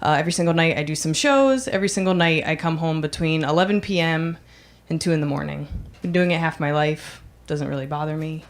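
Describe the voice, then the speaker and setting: Deadpan woman doing stand-up. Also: deep voice, fairly quick. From United States. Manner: deadpan, dark jokes, laughs at her own lines. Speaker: stand-up comic. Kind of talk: stand-up set. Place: comedy club stage.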